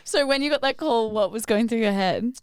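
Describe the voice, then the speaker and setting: Woman hosting a chat podcast, highish bouncy voice, dry close sound. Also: clear, resonant tone, no echo. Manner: chatty, reacts with frequent laughs and quick questions. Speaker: podcast host. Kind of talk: casual podcast interview.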